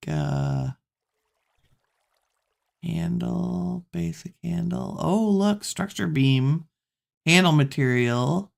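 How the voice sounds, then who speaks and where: A woman giving relaxed gameplay commentary, musing to herself as she plays. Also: sits low, creaky. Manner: musing, talks to herself while playing. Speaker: gameplay streamer.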